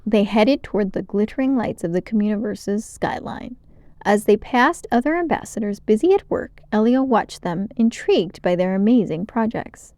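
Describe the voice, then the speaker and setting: A woman's voice: mid-range voice, moderate pace, dry recording. Woman reading a kids' book aloud. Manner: clear, expressive narration. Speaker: storyteller. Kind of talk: children's book read-aloud.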